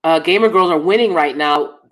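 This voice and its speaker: Hosting a casual livestream chat, a woman reads viewer comments and offers emphatic, opinionated advice, repeating herself often for stress. Her low voice moves fairly quickly with a fairly bright tone, over slight background noise.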